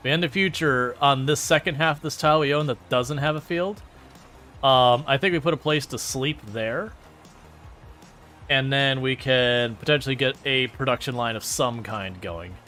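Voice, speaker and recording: A man's voice: mid-range voice, normal speed, bright, forceful tone, faint music behind. A man chatting casually while streaming a farming game, rambling, joking and laughing often. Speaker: gaming streamer. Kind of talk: casual gameplay commentary.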